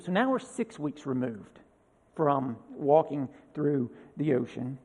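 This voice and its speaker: A man with a high, light voice preaches a sermon, reading scripture aloud with lifted emphasis. Between readings he drops into a loose, chatty tone. The sound rings with a long reverb from a large hall. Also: very animated, moderate pace, mellow. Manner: reads scripture with rising emphasis, then talks casually. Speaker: pastor.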